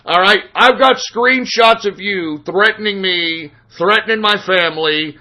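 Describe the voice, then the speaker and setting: A man's voice: sits high, a little slow, pushed and bright. A man hosting a talk radio show, arguing heatedly with a caller, combative and profane, often talking over him. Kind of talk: heated on-air argument with a caller.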